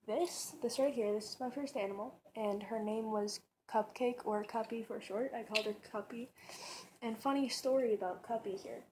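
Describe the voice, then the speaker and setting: A woman vlogger chats casually from her bedroom for a tag video, rambling with plenty of fillers and restarts. Her voice is on the high side, steady and a little mellow at a normal speed, with a bit of hiss or hum in the recording.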